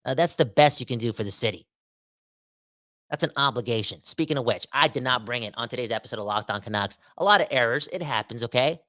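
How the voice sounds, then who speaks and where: A Canadian man hosting a sports podcast solo, talking in an animated, slangy, emphatic way and repeating himself for effect. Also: medium pitch, fast talker. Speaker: podcast host. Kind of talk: casual sports podcast rant.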